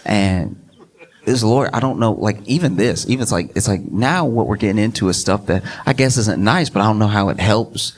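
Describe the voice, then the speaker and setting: A man's voice: lowish voice, brisk. A male stand-up comedian telling a rambling, self-deprecating story on a live stage. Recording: live audience laughter and noise.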